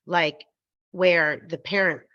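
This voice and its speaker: A woman co-hosting a podcast and telling a personal faith story in a casual, animated way, acting out the voices she quotes and laughing often. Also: lowish voice, takes it slowly. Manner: faith-centered, frequent fillers like um and like. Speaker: podcast co-host. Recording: slightly dull, lo-fi podcast recording.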